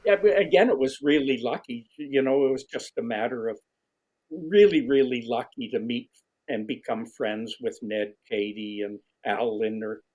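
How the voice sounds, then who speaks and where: Spinning a yarn in a storytelling conversation, this husky-voiced guest and fishing writer talks at a moderate pace over lo-fi audio. He's an animated teller who restarts often and jumps high in pitch whenever he quotes someone.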